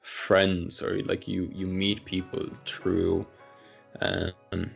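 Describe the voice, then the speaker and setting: A man with a very low, gravelly voice hosts a casual podcast among friends. He rambles and fills pauses with ums and likes. Faint music sits under the talk. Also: monotone. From Poland. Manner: rambling, many fillers. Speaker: podcast host. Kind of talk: casual chat.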